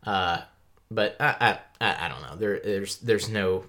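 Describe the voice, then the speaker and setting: Podcast cohost, man, very deep voice, reflective and easygoing. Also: measured pace, bright, forceful tone. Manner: thoughtful, musing, laughs often. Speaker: podcast co-host. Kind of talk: casual book discussion.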